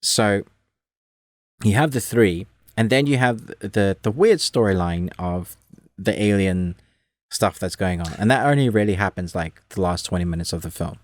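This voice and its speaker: A man co-hosting a casual movie review chat, talking in a rambling, animated way full of restarts. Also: low voice, normal speed, dry recording. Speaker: podcast co-host.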